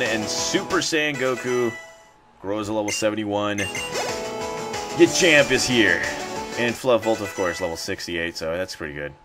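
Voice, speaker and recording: A man giving hyped, boastful commentary over his video game playthrough, repeating catchphrases, with game music underneath. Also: lowish voice. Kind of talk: let's play commentary.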